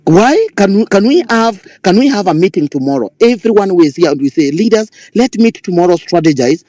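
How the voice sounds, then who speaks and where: A man speaking up in a live online discussion, making a forceful rally-like political speech and arguing back when interrupted. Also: sits high, sing-song, brisk, dry recording. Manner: rally-like, forceful, repeats himself, argues back when cut off. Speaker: caller in a live audio space.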